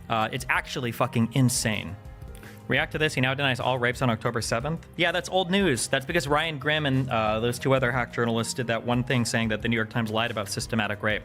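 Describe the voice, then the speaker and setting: A young man streaming live commentary into a desk mic, his bright, forceful voice pushing through a steady rant. He swears freely, leans on fillers like "like" and "um," and stays heated from one point to the next. Faint music sits low behind him. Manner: heated, profane, rapid ranting with frequent fillers. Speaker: political streamer.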